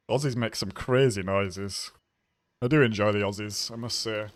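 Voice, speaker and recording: A man's voice: lowish voice, moderate pace, no echo. A young man from Bradford, chatting casually and rambling as he streams a racing game, laughing often. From Bradford, England. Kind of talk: casual live-stream chat.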